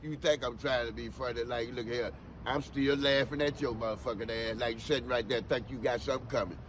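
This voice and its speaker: A man's voice: mid-range voice, fairly even intonation, brisk, a bit bright, slight background noise. A man guesting on a podcast, rambling in profane banter and slipping into half-sung riffs. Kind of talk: casual banter. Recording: music playing behind the talk.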